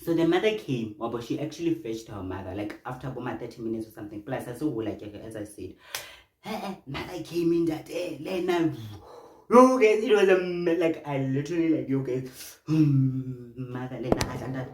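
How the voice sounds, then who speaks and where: A young man telling an animated storytime vlog, breaking off often to address his viewers. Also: medium pitch, moderate pace. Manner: animated, exclamatory, chatty asides to viewers. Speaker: vlogger. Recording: roomy room with faint noise.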